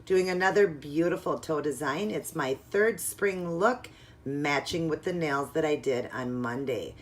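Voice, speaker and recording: A woman's voice: sits low, measured pace. A woman narrating a casual, step-by-step nail art tutorial at home in a chatty, instructive way.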